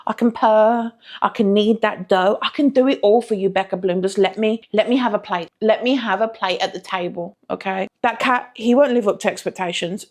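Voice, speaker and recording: A young woman hosting reaction commentary, joking, swearing and laughing often in a casual way. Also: mid-range voice. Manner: profane, jokey, laughing often. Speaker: commentary host.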